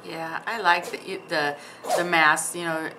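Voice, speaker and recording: An older woman, a grandmother, chatting as a salon client, soft-spoken and hesitant with short replies. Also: deep voice, steady tone, unhurried. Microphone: off-mic, away from the camera. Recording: distant off-mic voice with clear background hiss.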